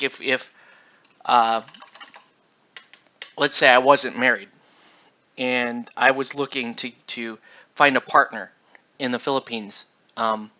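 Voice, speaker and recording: A tired man talks casually while he paints, drifting from point to point and restarting his sentences. His voice is bright and forceful. The recording is dull and lo-fi. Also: mid-range voice. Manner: rambling, many fillers and restarts. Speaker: miniature painting channel host.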